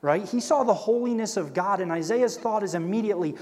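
With a high voice, fairly quick delivery, and a darkish tone, a man leads a Bible study, reading scripture and explaining it in a conversational manner. He acts out the characters he quotes and keeps checking in with "right?", recorded with long hall reverb.

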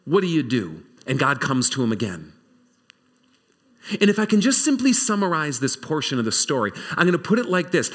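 Animated male preacher telling a story. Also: on the high side, brisk. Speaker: pastor. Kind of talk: sermon.

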